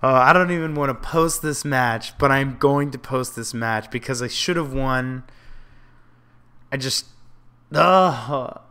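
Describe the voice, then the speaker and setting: Guy muttering thru his card game, beating himself up over misplays, smooth clear voice, desk mic. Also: mid-range voice, takes it slowly, pushed and bright. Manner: self-critical, frustrated muttering and outbursts. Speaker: gameplay commentator. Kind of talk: casual gameplay commentary.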